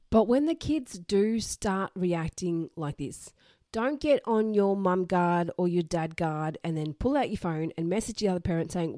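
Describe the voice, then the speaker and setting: A woman's voice: fairly low pitch, darkish tone, no room sound, clean studio sound. A woman, hosting a solo parenting advice podcast in a frank, direct way. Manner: direct, frank, swears casually. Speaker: podcast host.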